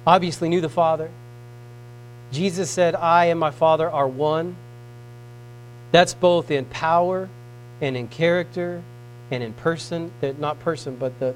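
A man preaching a sermon, reading scripture in old biblical wording and swinging between emphatic swells and hushed passages. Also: on the high side, rough recording. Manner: reads scripture in King James wording. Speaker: pastor.

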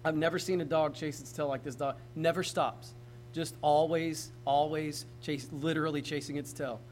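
A pastor with a fairly high yet darkish voice preaches at a moderate pace with fairly even intonation, casually talking straight to his congregation and often asking them questions. The recording is rough, with slight background noise.

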